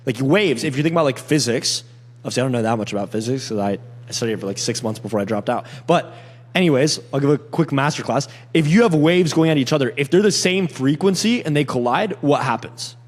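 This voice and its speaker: Fast-talking young man, roomy echo. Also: medium pitch. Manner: fast, animated, acts out sales call lines. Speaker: sales closer. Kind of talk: casual podcast chat.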